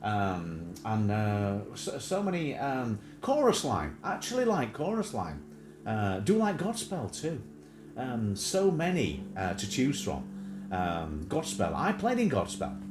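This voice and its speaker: Man, livestream host, rambling casual chat, deep with an animated lilt, noisy home recording. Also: takes it slowly, echoey room. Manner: rambling, many fillers, breaks into sung snatches and mimicked accents.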